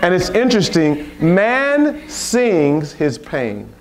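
A man's voice: high voice, very animated, takes it slowly. A man leading a Bible study at a retreat, preaching informally with rhetorical questions and playful asides.

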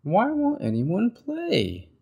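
A squeaky bratty little bird. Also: male voice, huge pitch swings, takes it slowly, gravelly, mellow, slightly rough, heavily acted. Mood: playful, whiny. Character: restless little bird who refuses bedtime.

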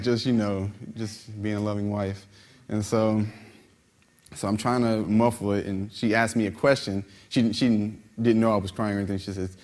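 Lower-voiced man, halting church talk. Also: a little mellow. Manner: conversational, halting, many restarts. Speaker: minister. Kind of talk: informal sermon.

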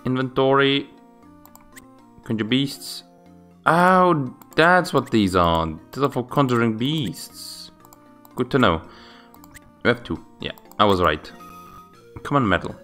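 A man's voice: medium pitch, expressive, slow, pauses often, sharp tone, soft background music. Rambling man narrating gameplay. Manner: rambling, searching for words with fillers. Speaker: let's play host. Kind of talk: casual gameplay commentary.

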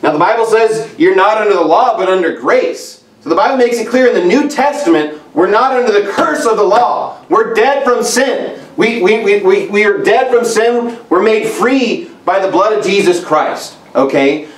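A man's voice: sits high, expressive, moderate pace, hardly any pauses, roomy sound, distant mic, slight background noise, low-quality recording. A man preaching a sermon as pastor, emphatic and repetitive, reading scripture aloud. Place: church sanctuary.

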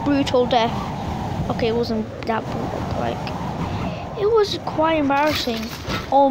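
High-voiced excitable gaming woman. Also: background noise. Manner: excitable, frustrated, yelling at opponents. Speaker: gameplay commentator. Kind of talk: live gameplay commentary. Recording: voice over game music.

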